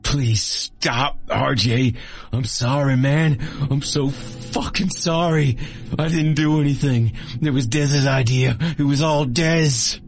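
A man's voice: takes it slowly, hardly any pauses, a bit bright. A man voicing a terrified, beaten man who stammers and begs for his life. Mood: begging. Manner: pleading high stammer.

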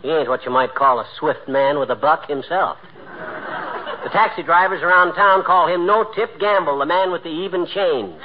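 A man's voice: fairly high pitch, moderate pace, natural voice. A man playing a boastful, penny-pinching husband who trades brash, teasing insults in a 1940s radio comedy. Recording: dull, hissy vintage radio broadcast.

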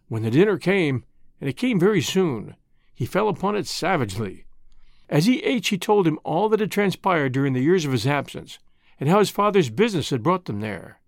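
A man narrating an old novel as an audiobook, in an expressive, measured storytelling way. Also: on the high side, gravelly, dry recording, studio quality.

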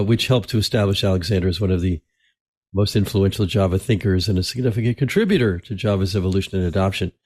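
A man hosting a podcast interview, talking casually with many restarts and throat clearing. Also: fairly low pitch, a little mellow, dry recording, clean studio sound. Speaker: podcast host.

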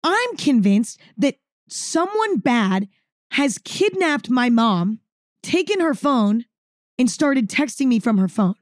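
A woman's voice: sits high, sing-song, takes it slowly, no echo, studio quality. A woman vlogger telling a story to camera in a casual monologue, dramatic and emphatic, repeating words for effect and swearing freely.

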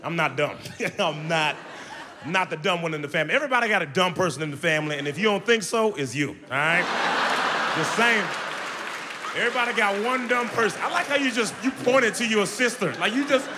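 A young man performs stand-up in a large venue, his high voice swinging wildly between registers as he shouts punchlines. The sound carries a long hall reverb and a crowd in the background. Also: fairly quick, background noise. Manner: loud, animated, jumps to high shouts. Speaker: stand-up comedian. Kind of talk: stand-up comedy set. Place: large comedy venue on stage. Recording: live show in a hall with audience.

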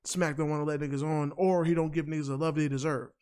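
A man with a fairly high, smooth and clear voice gives his opinions in casual podcast chat. He talks animatedly, often restarting his sentences. His tone stays loose and conversational. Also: steady tone, fast talker, a little mellow. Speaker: podcast co-host.

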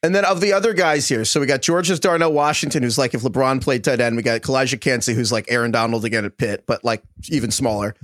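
A man's voice: medium pitch, fairly even intonation, fast, hardly any pauses, a bit bright, no room sound, studio quality. A man hosting a casual sports podcast, asking long, rambling questions full of fillers. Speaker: podcast host. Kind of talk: casual chat.

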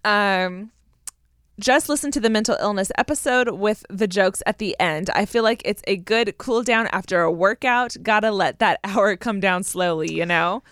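A woman co-hosting a casual podcast, reading listener messages aloud in a relaxed, chatty way. Her voice sits at an ordinary middle pitch. The sound is dry and close, with no room around it. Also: moderate pace, smooth, no room sound. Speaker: podcast co-host. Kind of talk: casual chat.

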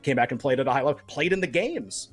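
A man co-hosting a sports betting podcast, arguing his point in a quick, animated way and often cutting himself off mid-sentence. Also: mid-range voice, faint music behind. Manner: argumentative, animated, self-interrupting. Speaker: podcast co-host. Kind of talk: casual sports betting chat.

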